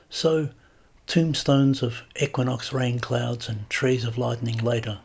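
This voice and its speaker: A man reading a comic short story aloud with wry, deadpan narration. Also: mid-range voice, creaky, breathy edge.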